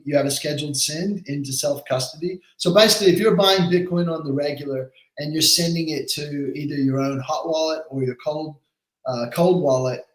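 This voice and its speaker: Fiery American man in an echoey room. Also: a little high. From United States. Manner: energetic, fiery, fast-talking. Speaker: exchange CEO guest. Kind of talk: casual podcast chat. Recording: roomy echo.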